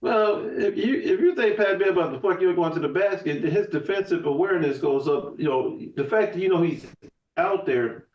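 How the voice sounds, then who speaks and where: A man chatting on a podcast, restarting sentences as he rambles on. His voice sits a bit high and comes from off the mic. The room around him rings with echo. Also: lively intonation, fairly quick, muffled recording. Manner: emphatic, profane, rambling with restarts. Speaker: podcast guest. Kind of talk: casual chat. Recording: echoey room, voice from far off the mic.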